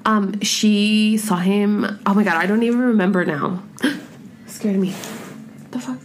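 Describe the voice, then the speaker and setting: A woman in her thirties chatting casually at home as a podcast host, rambling and expressive, with heavy swearing and filler words. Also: medium pitch, measured pace. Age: 30s. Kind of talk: casual chat. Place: home room with pets.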